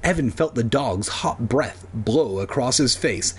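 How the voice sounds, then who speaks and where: A man voicing a frightened boy shrunk to the size of a mouse, with a tiny squeaky high voice. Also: animated, unhurried, a little hiss or hum, natural voice. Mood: pleading.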